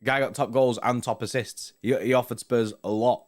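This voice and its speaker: A young man with a mid-range voice hosts a casual football fan live stream, reading out viewer comments and bantering loosely at a moderate pace. His tone stays steady as he chats in a laid-back way, dropping "mate" and "innit" often.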